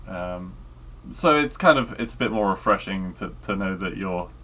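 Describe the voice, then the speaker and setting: A man co-hosting a casual podcast chat, talking hesitantly with many pauses and fillers. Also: deep voice, expressive, fairly bright tone. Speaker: podcast co-host.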